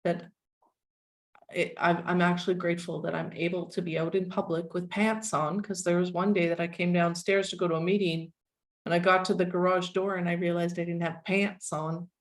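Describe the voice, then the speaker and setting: A woman in her forties, a guest speaking candidly and wryly in a relaxed conversation. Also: on the low side, a little fast. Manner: frank, wry, self-deprecating.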